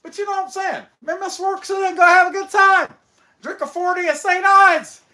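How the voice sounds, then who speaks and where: A man's voice: very high voice, fairly even intonation, moderate pace, sharp tone. A man hosting a woodcarving channel, rambling through a casual joking monologue full of wisecracks.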